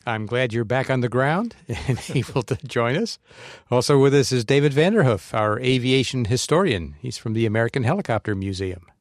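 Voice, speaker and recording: Male podcast host, casual chat, mid pitch, dry close mic. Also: expressive, brisk, no echo.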